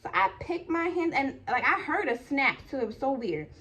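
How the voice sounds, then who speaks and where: Young woman vlogger, casual storyteller, slightly high voice, chatty with lots of fillers. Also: big pitch swings, moderate pace, bright, forceful tone. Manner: chatty, full of "like" and "okay?".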